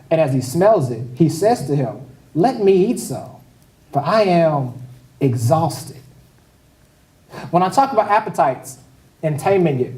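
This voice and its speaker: A pastor delivers a loose, conversational sermon, his voice sitting noticeably high for a man. He is heard from some distance in a roomy, echoing sanctuary. He talks casually and drops joking asides to the congregation. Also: darkish tone. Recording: echoey hall, voice picked up from afar.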